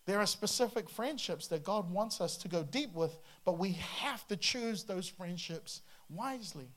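Bright-voiced male pastor preaching. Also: high voice, a little slow. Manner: humorous, animated, acts out voices and bird sounds. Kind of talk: sermon.

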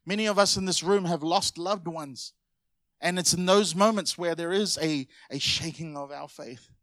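Male pastor, high-pitched, dry close sound, emotional sermon, repeating words, building exhortation. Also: moderate pace, a bit bright, dry recording. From Samoan family. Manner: emotional storytelling with repetitions, swelling to exhortation. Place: church hall.

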